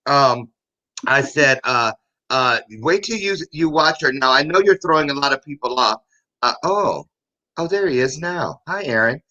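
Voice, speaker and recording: A man's voice: mid-range voice, lively intonation, measured pace, sharp tone, dull audio. A man hosting a talk show interview in a playful, joking manner. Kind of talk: interview conversation.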